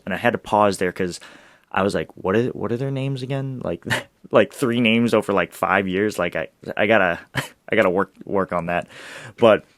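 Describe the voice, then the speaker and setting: A man hosting a solo sports podcast, talking in an excitable, rambling way with restarts and laughs. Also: fairly low pitch, dry recording, clean studio sound. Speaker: podcast host.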